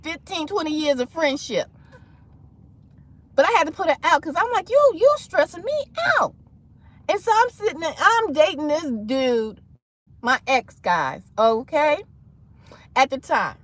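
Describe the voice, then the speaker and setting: A woman's voice: sits high, a little slow, long pauses. A woman hosting a casual livestream, telling a personal story with dramatic flair and acting out the people in it. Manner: animated, dramatic, acts out voices in her story. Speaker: livestream host.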